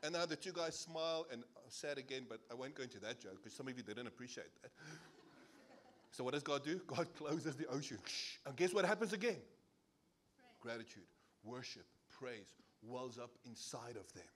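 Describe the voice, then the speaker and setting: Animated South African male preacher. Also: mid-range voice, brisk, slight background noise. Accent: South African English. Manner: animated storyteller acting out voices. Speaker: pastor. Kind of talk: sermon. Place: church service.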